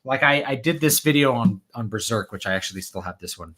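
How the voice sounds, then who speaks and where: A man's voice: mid-range voice, animated, quick pace, a bit bright. A man hosting a casual video chat, talking with enthusiasm and acting out film lines he loves. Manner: enthusiastic, quotes movie lines. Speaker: podcast host.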